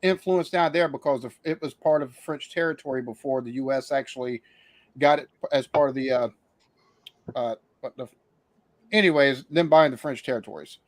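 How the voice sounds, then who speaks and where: A man's voice: mid-range voice, normal speed, dry recording. Profane rambling man, dry sound. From Alabama Gulf Coast. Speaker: host. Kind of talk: casual chat.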